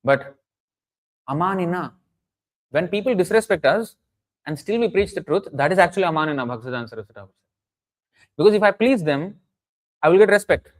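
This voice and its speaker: A man's voice: sits high, expressive, brisk, pauses often, rough recording. A man giving an earnest, emphatic sermon, often restarting phrases and chanting Sanskrit verses. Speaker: preacher. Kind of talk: sermon lecture.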